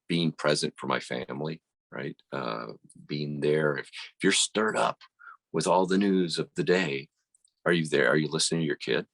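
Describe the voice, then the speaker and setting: Very deep gravelly man, coaching talk. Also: fairly bright tone, no room sound. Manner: reflective, explains with analogies, many restarts. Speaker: guest, coach. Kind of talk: casual conversation.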